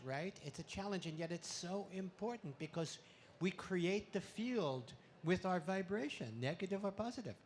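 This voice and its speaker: A male comedian on stage, trading in puns with a playful, bouncy delivery. His voice sits a little high for a man and swells loud on punchlines. A faint room ambience hangs behind him. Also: slight background noise. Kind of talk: stand-up comedy talk. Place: expo stage before a live audience.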